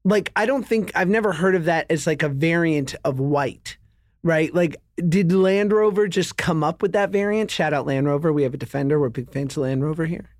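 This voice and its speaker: A man in his thirties co-hosting a podcast in casual comedic chat, playful and quick to laugh. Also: a little high, no room sound. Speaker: podcast co-host.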